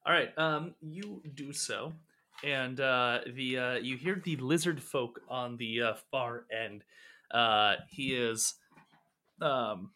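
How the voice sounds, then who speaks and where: A man's voice: mid-range voice, slow, pushed and bright. A man narrating as game master in a tabletop game, casual and full of fillers.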